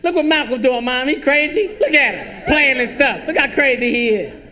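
A man playing an excited little boy who shouts for his mother in a shrill voice. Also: moderate pace, heavily acted. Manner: shrill, yelling. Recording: live club recording with noisy crowd.

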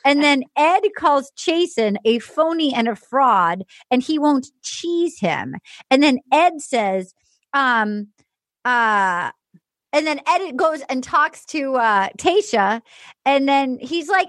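A woman's voice: sits high, expressive, slow, a bit bright, no room sound, clean studio sound. A woman hosting a comedy podcast, recapping casually and acting out quotes in exaggerated voices. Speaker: podcast host.

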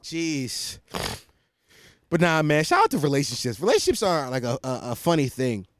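Animated young man ranting on a podcast. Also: on the high side, normal speed, no room sound, studio quality. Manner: profane, animated, laughs at his own stories. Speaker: podcast host. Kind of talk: casual comedic rant.

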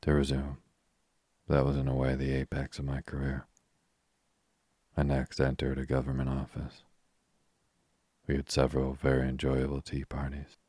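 A man's voice: very deep voice, completely flat delivery, dark tone, dry recording, studio quality. A man reading the lines of a frank, spirited young woman who is restless and short of money, in a chatty, blunt manner. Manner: chatty and blunt, quick to exclaim.

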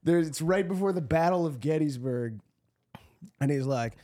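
A man's voice: a little high, normal speed, dark tone. A man co-hosting a comedy podcast in casual chat, rambling through stories with many restarts and frequent laughs. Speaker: podcast co-host.

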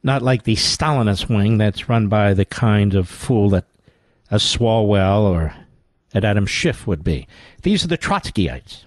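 A man's voice: fairly low pitch, animated, a little slow, no room sound. A man hosting a political talk radio show, delivering sarcastic, combative commentary.

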